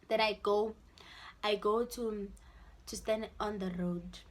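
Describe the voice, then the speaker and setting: A young South African woman with a South African accent, telling a storytime vlog in an animated way and acting out the people in her story. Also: medium pitch, slow, long pauses. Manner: animated storytelling, switching into Sesotho-style phrases and acting out voices. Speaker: vlogger.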